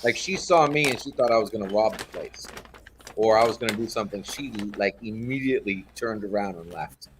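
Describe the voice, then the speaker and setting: A man's voice: on the low side, brisk, noisy background. Profane, heated man telling a story. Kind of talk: casual chat.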